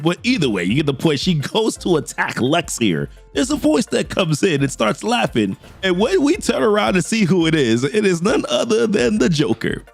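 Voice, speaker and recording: A man casually retelling a comic book story as host, animated, slangy and quick to laugh. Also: on the high side, gravelly. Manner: animated, laughs often, slangy, paraphrases characters loosely.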